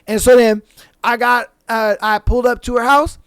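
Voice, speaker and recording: A podcast host with a high, smooth, clear voice spins a rambling personal story in loose, profane slang. He keeps slipping into the other people's voices as he goes. The sound is dry and close, with no room around him. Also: flat delivery, moderate pace, fairly bright tone, no room sound. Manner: profane, rambling anecdote with quoted dialogue. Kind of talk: casual storytelling.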